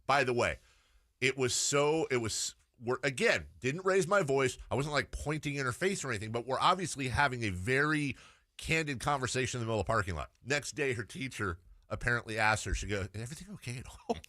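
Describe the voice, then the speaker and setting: A radio host in his forties with a bright, lively voice that jumps up and down as he tells the story. He talks in quick, animated bursts and keeps quoting his daughter. The recording is dry and close. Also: medium pitch, dry recording. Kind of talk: sports radio storytelling chat.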